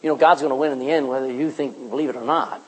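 Male pastor mid-sermon in a church, slightly husky tone. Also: mid-range voice, quick pace, low-quality recording. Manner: preaching with animated rises and soft drops.

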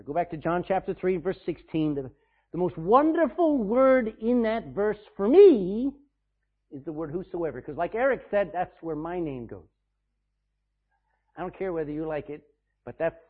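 Man preaching to his church, fairly high voice, sounds thin like over a phone, gets loud then drops soft. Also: breathy edge, phone-quality sound. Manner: preaching with emphatic swings in volume, reading scripture slowly. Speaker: pastor. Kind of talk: sermon. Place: church sanctuary.

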